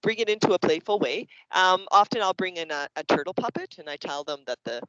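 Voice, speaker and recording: A Canadian man with a slightly high voice walks other teachers through classroom activities, acting out little scenes as he goes. The call audio is dry and dull, with a lo-fi edge. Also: a little fast, clean tone, dry recording. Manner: lively, acts out classroom examples. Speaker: teacher presenting to educators. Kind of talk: explanatory workshop presentation.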